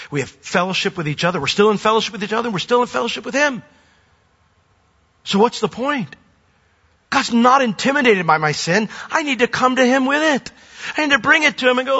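A man's voice: extremely high pitch, expressive, brisk, sharp tone. An older man preaching a sermon as a pastor, earnest and conversational. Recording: dull reverberant hall.

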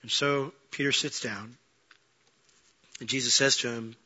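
A man preaching a sermon, telling a story with lively acted-out lines, swinging from loud and fast to quiet and low. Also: dull audio. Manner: animated storytelling, acting out quoted lines, rising to near-shouting then dropping low. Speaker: pastor.

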